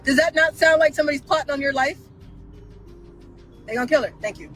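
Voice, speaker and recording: A woman's voice: sits high, fast talker, a bit bright, soft background music, low-quality recording. A woman hosting a live stream, commenting casually with incredulous rhetorical questions and frequent laughter.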